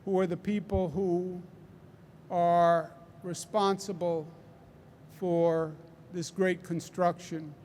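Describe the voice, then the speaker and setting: Slow, high-voiced man with a Queens accent. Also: level tone, darkish tone, a little hiss or hum. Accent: Queens New York. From New York. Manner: emphatic, repeats key phrases for stress. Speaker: governor giving a press briefing. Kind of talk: public press briefing. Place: large indoor hall.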